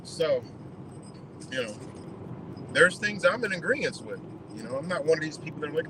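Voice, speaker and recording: A man's voice: on the high side, lively intonation, normal speed, pauses often, noisy background. A man on a live stream giving blunt, profane commentary, lecturing his audience in a loose, heated rant.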